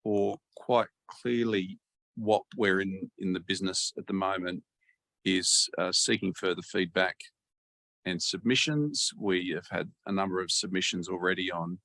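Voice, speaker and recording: A deep-voiced man chairs a council webinar. His voice has a gravelly fry, and he speaks in a measured, hesitant way with plenty of fillers. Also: fairly even intonation, pushed and bright. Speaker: meeting chair.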